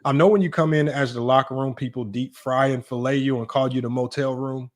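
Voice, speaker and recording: A man hosting a casual sports livestream, teasing his chat, his voice jumping up in mock disbelief. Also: brisk. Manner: animated, teasing, voice jumps high in mock disbelief. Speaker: livestream sports talk host.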